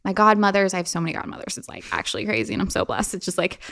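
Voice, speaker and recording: A young adult woman, appearing as a guest on an interview podcast, animatedly shares personal stories with plenty of fillers and laughter. Her voice is lowish with vocal fry, and she talks at a racing pace.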